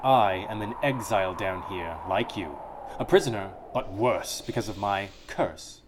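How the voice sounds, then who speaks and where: A man reading the lines of a cold, vengeful exiled sorceress in a slow, deliberate, menacing way. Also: fairly low pitch, lively intonation, background noise. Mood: bitter.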